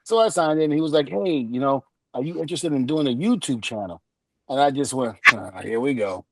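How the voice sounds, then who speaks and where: A man's voice: a little high, brisk, no room sound. A middle-aged man, a podcast guest, telling a story in casual chat and acting out each quoted line with laughter. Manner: animated, acts out quoted dialogue with laughs.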